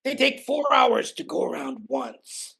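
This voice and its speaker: An older man speaks as a podcast guest in a gravelly, husky voice that ranges widely up and down. He tells his stories emphatically and swears freely. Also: very high voice, big pitch swings, a little slow, pushed and bright. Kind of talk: animated conversational storytelling.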